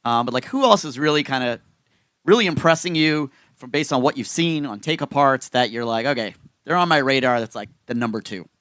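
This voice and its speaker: A man interviews an expert, asking casual, rambling questions. His voice is mid-pitched, and the recording is dry and close with no room sound. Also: lively intonation, a little fast, a bit bright, no room sound.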